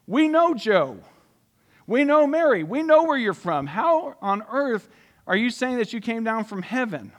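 A man preaching voices a mocking crowd of townsmen, sarcastic and loud. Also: high voice, expressive, moderate pace, pitched above the performer's own voice. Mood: scoffing.

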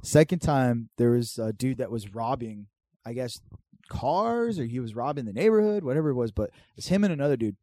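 A man's voice: medium pitch, fairly quick, no room sound, studio quality. A man in casual chat, telling neighborhood stories with lots of swearing and acted-out quotes. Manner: profane, animated storyteller acting out quoted voices.

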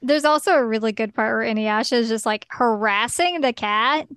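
A woman's voice: on the high side, moderate pace, fairly bright tone, clean tone, no room sound, clean studio sound. A woman co-hosting a casual recap chat, tossing in playful, jokey remarks. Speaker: podcast co-host.

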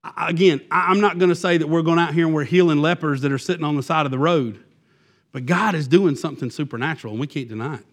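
A man delivers a sermon with a fairly high voice. His preaching is loose and conversational, and it is full of fillers and false starts. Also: fast talker. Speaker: pastor.

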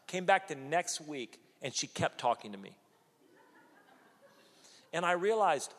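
Male pastor in his 40s, animated storytelling sermon, slightly high voice, long church reverb. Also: moderate pace, pauses often. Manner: animated storytelling, acts out quotes.

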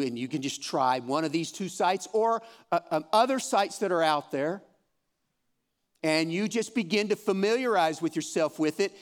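Brief: man in his fifties, fairly high voice, folksy, encouraging Bible teacher for a room audience. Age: 50s. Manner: encouraging, folksy, repeats himself. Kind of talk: conversational Bible study teaching. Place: room with a live audience, also streamed.

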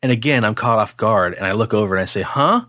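A man co-hosting a podcast, telling a spooky story in a casual, animated way, swearing freely and acting out the voices. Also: lowish voice, quick pace, no room sound, clean studio sound.

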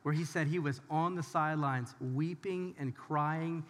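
A man with a fairly high voice preaches to a congregation in a casual, direct way and keeps turning to address his listeners. His words ring out with a long reverb from a large hall. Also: a little slow, fairly bright tone. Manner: talks straight to the audience, informal and emphatic. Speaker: pastor. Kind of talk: conversational sermon.

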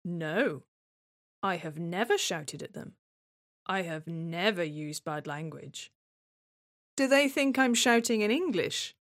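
A man's voice: high-pitched, slow, pauses often, exaggerated voice. A woman voicing a sullen, hostile male neighbour. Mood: sullen denial. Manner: denies flatly, then bursts into shouted abuse. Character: hostile male downstairs neighbour, bangs and swears.

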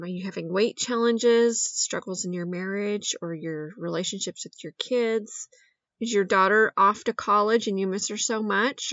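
A woman's voice: lowish voice, a bit bright, dry recording, lo-fi sound. A woman hosting a podcast in an upbeat, chatty monologue that leans on lots of intensifiers. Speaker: podcast host.

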